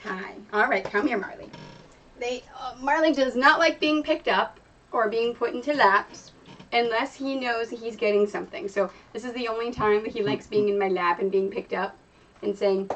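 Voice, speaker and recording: A woman's voice: fairly high pitch, moderate pace, a bit bright, muffled recording. A woman streamer chatting casually while she sews at home, rambling and talking to her dogs. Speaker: streamer and quilter. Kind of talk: casual chat while sewing. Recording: distant mic with faint noise.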